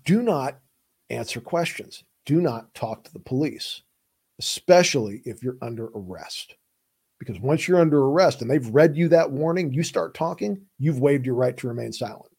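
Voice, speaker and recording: A man's voice: mid-range voice, lively intonation, moderate pace, gravelly, a little mellow, slightly rough. A man who hosts the show and works as a criminal defense lawyer, explaining legal rights in an emphatic, plain-spoken, urgent way. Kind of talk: casual explainer talk.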